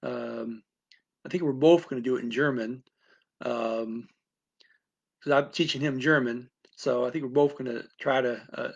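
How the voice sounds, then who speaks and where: A man's voice: a little high, fairly bright tone, lo-fi sound. A man teaching languages, talking off the cuff in a rambling way with many restarts and fillers. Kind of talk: casual unscripted explanation to camera.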